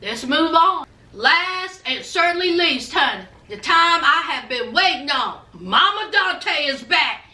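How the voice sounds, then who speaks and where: Sassy woman recap host, high and bright voice, roomy echo. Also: big pitch swings, measured pace, few pauses. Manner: sassy, gossipy. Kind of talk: casual chat.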